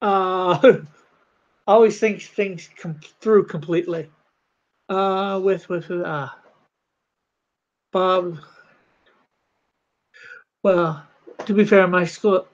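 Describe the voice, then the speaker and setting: A comic artist chatting casually on a livestream from home, rambling and halting while reading the chat. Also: medium pitch, fairly even intonation, dull audio.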